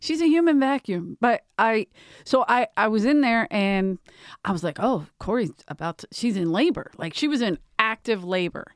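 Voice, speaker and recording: A woman's voice: fairly high pitch, lively intonation, moderate pace, no echo, clean studio sound. A woman hosting a casual comedy podcast, firing off blunt jokes and stories with laughter. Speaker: podcast host.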